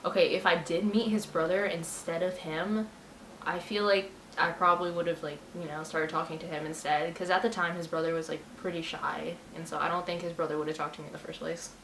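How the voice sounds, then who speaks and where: A woman in her twenties chatting casually on a storytime video, playful and quick to laugh. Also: lowish voice, little pitch movement, fairly bright tone. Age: 20s. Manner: chatty and giggly, playful teasing. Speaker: vlogger. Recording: roomy sound, distant mic, faint hiss.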